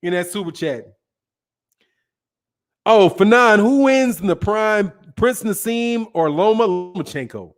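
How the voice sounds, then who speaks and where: A man hosting a live boxing talk stream, casual and blunt, profane and quick to laugh at his own jokes. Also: sits high, lively intonation. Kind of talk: casual live-stream chat reading viewer comments.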